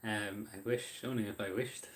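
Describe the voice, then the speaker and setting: A man's voice: fairly low pitch, measured pace. A man chatting casually on a livestream, hesitant and apologetic, with many fillers, eating while he talks.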